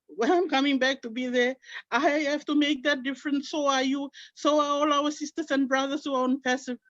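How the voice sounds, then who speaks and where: A woman's voice: sits high, no room sound, muffled recording. A middle-aged woman from Guinea, speaking, gives an earnest, heartfelt personal testimony on an online call. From Papua New Guinea. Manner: heartfelt and earnest, fervently religious. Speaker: team member sharing her story.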